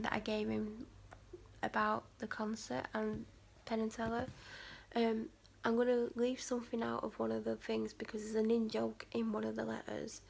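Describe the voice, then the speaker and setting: A woman from England talking casually to her vlog camera, her voice fairly high and heavily gravelly with vocal fry. She rambles, leans on "like" as a filler, and often sinks to a near-whisper. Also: slight background noise. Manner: rambling, chatty, many "like" fillers. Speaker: vlogger.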